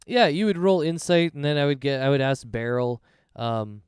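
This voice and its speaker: A man narrating a tabletop game as its game master, explaining rules in an easygoing, relaxed way. His voice is smooth and clear, sitting a little high. The sound is dry and close. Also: moderate pace, no echo.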